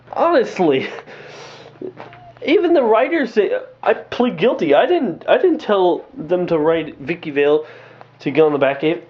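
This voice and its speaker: A man casually reviewing movies in a rambling, excitable way, full of fillers and restarts. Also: sits high. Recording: dull lo-fi home recording.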